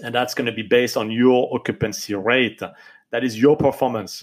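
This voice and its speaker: A man with a French accent, a podcast host speaking in English, earnestly urging listeners and filling pauses with many ums and uhs. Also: medium pitch, steady tone. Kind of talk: advice podcast talk.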